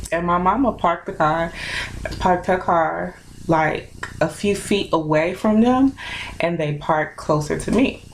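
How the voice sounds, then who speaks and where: A young woman telling a personal story in a casual, animated, chatty way with lots of fillers. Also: fairly low pitch, slight background noise, low-quality recording. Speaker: vlogger.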